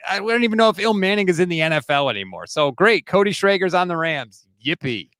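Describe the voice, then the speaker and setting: A man's voice: high voice, expressive, fast, a bit bright, smooth, dry recording. A man co-hosting a casual sports talk show, wry in tone, reading news and comments. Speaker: podcast co-host.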